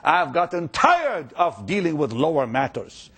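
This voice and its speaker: A male preacher with a voice that sits a touch high. His delivery is lively and wide-ranging as he preaches emotionally, dropping to near whispers and rising to urgent calls, repeating words when stirred. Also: a little slow, husky. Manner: emotional, dramatic preaching with big swings between loud and hushed; stammering repetitions when stirred. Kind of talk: sermon.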